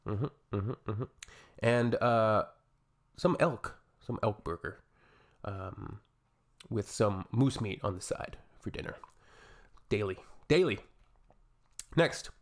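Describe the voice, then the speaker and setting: Canadian guy doing a reaction vid, kinda low voice, sarcastic jokes between reading comments. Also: lively intonation, normal speed. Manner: joking, sarcastic, reads comments aloud. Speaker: reaction video host.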